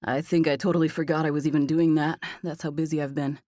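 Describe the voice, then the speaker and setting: A woman voicing a playful, confident young man who jokes around in a relaxed, teasing way, in a slightly lower version of her own voice. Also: quick pace, no room sound, studio quality, close to an everyday voice. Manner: teasing, relaxed, self-assured.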